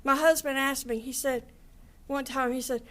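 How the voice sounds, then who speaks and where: A woman's voice: high voice, steady tone, normal speed, fairly bright tone. An older woman giving an angry, impassioned statement in a courtroom, swearing and with her voice breaking into tears. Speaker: victim's family member giving an impact statement.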